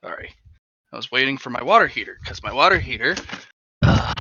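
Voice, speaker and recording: A man chatting casually at home on an online call, rambling and animated, talking to his dog between stories. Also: medium pitch, fairly quick, a little hiss or hum. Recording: dull, dry lo-fi mic.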